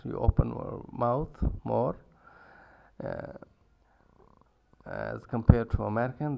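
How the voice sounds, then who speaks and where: A man giving a recorded lecture, halting with many fillers and self-corrections, repeating words aloud to show how they are pronounced. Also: medium pitch, creaky, a little mellow. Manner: repeats words to demonstrate pronunciations. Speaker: university lecturer.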